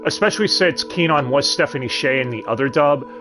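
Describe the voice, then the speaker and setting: A man's voice: medium pitch, animated, a little fast. A man hosting a casual review show, talking in a chatty way with joking asides. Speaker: host. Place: home streaming setup. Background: background music.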